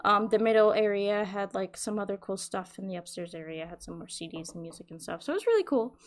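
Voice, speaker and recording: A young adult woman hosting a podcast, telling a rambling, animated story in casual chat and swearing freely. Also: medium pitch, fast, faint music behind. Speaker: podcast host.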